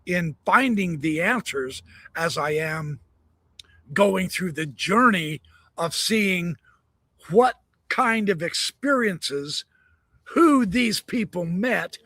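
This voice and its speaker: A male host giving slow, reflective commentary on a live stream. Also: sits high, lively intonation, sharp tone, no room sound. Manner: slow, reflective, drawn-out phrasing.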